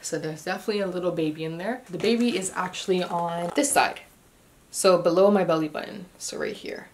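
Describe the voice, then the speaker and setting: Young woman, low-ish voice, winded, easygoing vlog chatter. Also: brisk, slight background noise. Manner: chatty, loose, lots of ums and restarts. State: short of breath. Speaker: vlogger. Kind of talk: casual pregnancy update vlog.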